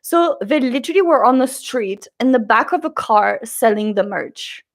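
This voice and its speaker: A woman vlogger telling a story in a chatty, animated way, acting out the people she quotes. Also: on the high side, normal speed.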